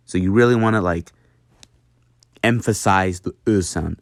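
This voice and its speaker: Young guy rambling thru a lesson at home, kinda low voice, dead dry sound. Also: lively intonation, moderate pace, no echo. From United States. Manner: rambling, self-mocking, many fillers. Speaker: host teaching an accent. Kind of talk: casual video lesson.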